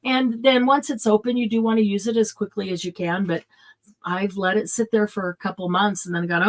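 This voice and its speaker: A woman's voice: medium pitch, steady tone, fairly quick. A middle-aged woman hosting a live craft supply sale, chatting casually and thinking aloud as she sets prices. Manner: chatty, thinks aloud while pricing items.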